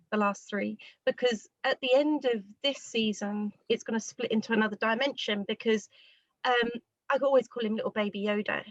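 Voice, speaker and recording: Higher-voiced woman hosting a podcast. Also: fairly bright tone, no echo, highs cut off. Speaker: podcast host. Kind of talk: casual group chat.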